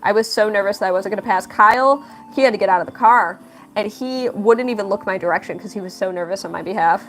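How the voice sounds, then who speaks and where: A young woman hosting a casual livestream, reading chat aloud, laughing often and telling stories with lively quoted voices. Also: fast, soft background music. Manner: animated storytelling with big pitch jumps in quotes. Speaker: livestream host and artist.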